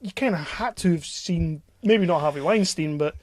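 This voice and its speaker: High-voiced jokey man on a podcast. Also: normal speed, a little mellow, no echo. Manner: jokey, laughs often, swears freely. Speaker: podcast co-host. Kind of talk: casual banter.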